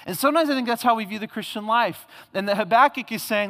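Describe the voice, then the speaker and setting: A man's voice: high-pitched, quick pace, few pauses, fairly bright tone. Emphatic preacher man in a reverberant hall. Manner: emphatic, with rhetorical questions and repetition. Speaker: pastor. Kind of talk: sermon.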